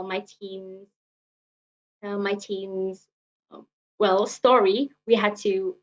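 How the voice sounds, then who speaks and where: A young woman giving a prepared personal speech at a speaking club, earnest, often repeating herself and using fillers. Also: medium pitch. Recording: muffled lo-fi recording.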